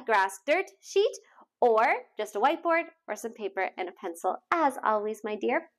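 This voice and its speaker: Young lady teacher doing a kids phonics lesson, high bright voice, slow and sing-songy. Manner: slow, sing-song and encouraging, sounding out letters. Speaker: children's teacher.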